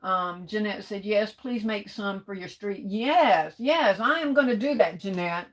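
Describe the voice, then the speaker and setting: A middle-aged woman chats through her livestream, reading out comments and greeting each viewer warmly. Her voice sits in an ordinary middle pitch, and she sounds a little rough as she holds back coughs and sneezes. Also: a little slow. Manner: chatty, greets viewers warmly with "hey, baby". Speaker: livestream host. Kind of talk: casual live chat reading comments.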